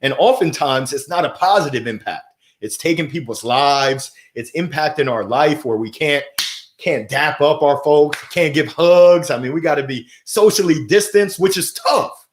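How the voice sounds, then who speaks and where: A man hosting a motivational livestream, talking with playful energy and giving shout-outs to viewers. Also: on the high side, moderate pace. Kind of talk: upbeat motivational livestream talk. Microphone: gold microphone.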